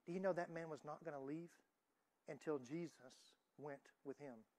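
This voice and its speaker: A woman preaching a sermon in a church, moving between loud emphatic lines and soft, hushed ones. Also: sits low, moderate pace.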